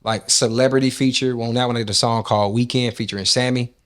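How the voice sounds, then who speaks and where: A man's voice: medium pitch, fast. A man from Nashville, a rap and R&B artist, telling stories from his life in a casual interview. He talks loosely, swears often and acts out what people said. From Nashville, Tennessee. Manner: loose, profane, animated storytelling with acted-out quotes.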